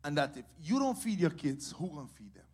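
A man preaching a sermon as pastor, swinging between quiet asides and loud, sing-song shouted declarations and repeating his phrases for emphasis. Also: on the high side, very animated, a little fast, breathy edge.

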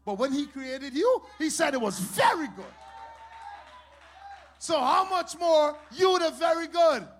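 A man with a very high voice preaching a sermon. He lets his delivery climb into loud, half-sung shouts, then drops into quiet asides, and he repeats his phrases over and over for emphasis. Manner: preaching with rising shouts and sing-song cadences. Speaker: pastor.

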